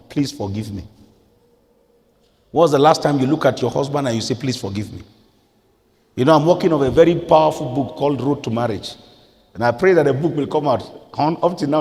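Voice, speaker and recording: Man with a Nigerian accent preaching in a church hall. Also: medium pitch. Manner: preaching with sudden loud rises and quiet drops. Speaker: pastor. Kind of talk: sermon.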